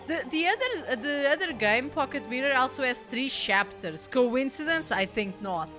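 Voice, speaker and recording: A woman's voice: sits high, animated, normal speed, hardly any pauses. A woman streamer making playful, jokey asides while playing a game. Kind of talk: casual game commentary. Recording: game music playing behind.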